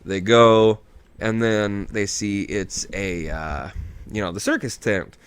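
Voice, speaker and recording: A man's voice: on the low side, slow pace, smooth, no echo. A tipsy man hosting a podcast, rambling through a movie recap in casual chat and swearing freely. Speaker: podcast host.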